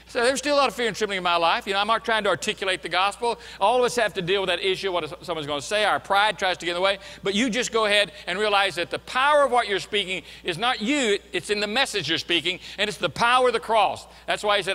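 A man's voice: sits high, lively intonation, fast talker, sharp tone, in a large hall. A man preaching a sermon as a pastor, earnest and emphatic, repeating his key points. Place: church sanctuary.

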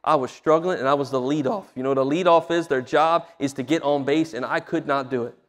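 A man's voice: on the high side, fairly quick. Emotional male pastor in a reverberant hall. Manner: emotional storytelling, voice swelling when stirred. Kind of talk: sermon. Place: church sanctuary.

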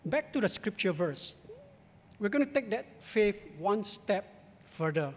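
A male pastor with a Singaporean accent, preaching in a measured, emphatic, rhetorical way in a church. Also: high-pitched. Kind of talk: sermon. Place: large church sanctuary. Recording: long church hall reverb.

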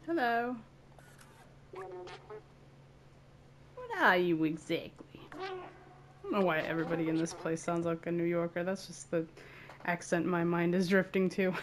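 A woman's voice: lowish voice, a little slow, long pauses, a little hiss or hum. A woman giving casual let's-play commentary, playful and giggly as she chats to herself. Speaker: gaming video creator.

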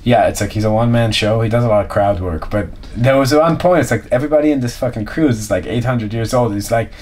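A man co-hosting a podcast, chatting casually and often mimicking people in high silly voices. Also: quick pace, a little mellow. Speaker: podcast co-host. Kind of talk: casual chat.

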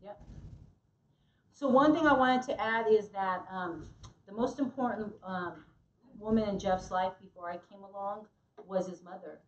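A woman's voice: medium pitch, measured pace, roomy sound, far from the mic, muffled recording. A woman co-teaching a church marriage class, earnest and emphatic, acting out what couples say. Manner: earnest, emphatic, acts out quotes.

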